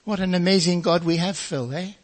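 An older man preaching his own testimony, with a husky, slightly breathy voice. He tells his story in a folksy way and slips into other people's voices as he goes. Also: high-pitched, fairly quick. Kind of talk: testimony sermon.

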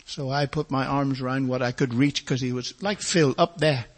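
Older male preacher, husky, folksy testimony storyteller. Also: medium pitch, fairly even intonation, moderate pace. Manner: storytelling, folksy, acts out voices of others. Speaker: preacher giving his testimony. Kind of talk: testimony sermon.

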